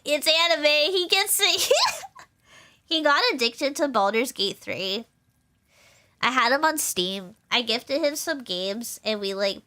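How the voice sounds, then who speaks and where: A woman's voice: on the high side, bright, forceful tone. A young woman streaming, chatting casually in a rambling way, with lots of fillers and laughter. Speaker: VTuber streamer.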